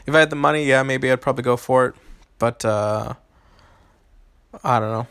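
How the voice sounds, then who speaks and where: A young man chats with his live-stream audience between rounds of a game. He talks in a relaxed, halting way, full of ums and small restarts. His voice sits at an everyday middle pitch and sounds close and dry, with no room around it. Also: smooth, no echo. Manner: hesitant, many ums and restarts. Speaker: game streamer answering chat. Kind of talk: casual live-stream chat.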